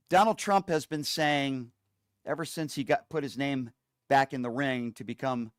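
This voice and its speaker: A man's voice: medium pitch, no echo, studio quality. A male political talk show host giving opinionated commentary with an angry, mocking tone.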